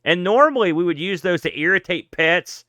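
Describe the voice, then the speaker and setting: Bright-voiced rambling podcast man. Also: sits high, lively intonation, moderate pace, no room sound, clean studio sound. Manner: rambling, jokey storyteller. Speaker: podcast co-host. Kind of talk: casual chat.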